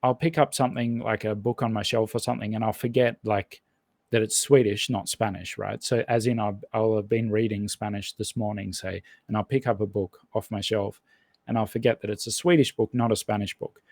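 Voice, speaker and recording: Low-voiced man thinking aloud. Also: fairly even intonation, brisk, vocal fry, a little mellow, no room sound. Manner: rambling, thinks aloud with many fillers and restarts. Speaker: podcast guest, language learner. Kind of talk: casual conversational interview.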